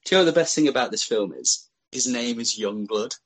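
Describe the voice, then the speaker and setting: A man's voice: medium pitch, lively intonation, brisk, dry recording. A man as a podcast co-host, chatting about a film in an amused, incredulous way. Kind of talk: casual chat.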